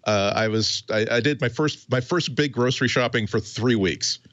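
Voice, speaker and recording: A man's voice: medium pitch, moderate pace, a bit bright, dry recording, dull audio. A man on a podcast panel in casual tech chat, rambling and stumbling over his words with many restarts.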